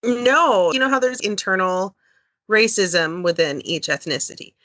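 A woman's voice: medium pitch, unhurried, a bit bright, no room sound. A woman co-hosting a podcast in casual chat, searching for words and making emphatic points.

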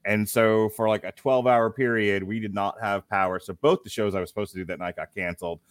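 A man's voice: fairly low pitch, steady tone, quick pace, clear, resonant tone, dry recording. A man hosting a casual chat show, joking and laughing often as he runs through the upcoming episodes. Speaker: podcast host.

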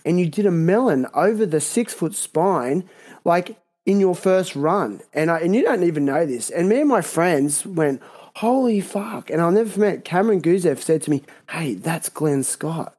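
A man with an Australian accent hosting a casual interview, telling a story in a relaxed, halting way. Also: on the high side. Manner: relaxed storytelling, hesitant fillers. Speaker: host.

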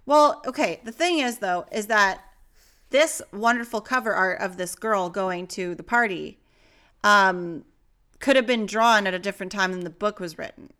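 Young female podcast co-host, bright voice, giggly and rambling. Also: medium pitch, normal speed, smooth. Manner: playful, giggly, drifting off topic. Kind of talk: casual chat.

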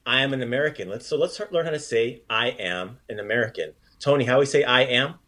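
A man hosting a relaxed podcast lesson, mid-pitched and encouraging. He praises often and slows down to model each phrase. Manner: upbeat, encouraging, repeats phrases slowly. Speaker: language teacher, podcast host. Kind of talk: casual podcast language lesson.

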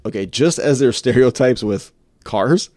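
A man in his forties telling stories in casual chat, often mimicking kids in squeaky voices. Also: unhurried, dry recording, studio quality. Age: 40s. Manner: animated storyteller who mimics kids in high squeaky voices.

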